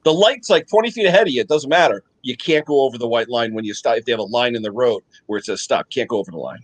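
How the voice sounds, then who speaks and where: An older man from the United States telling lively anecdotes in casual chat, often checking in with a quick "okay?". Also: mid-range voice, no room sound, poor audio. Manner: animated storyteller, checks in with "okay?" tags. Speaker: guest on live chat.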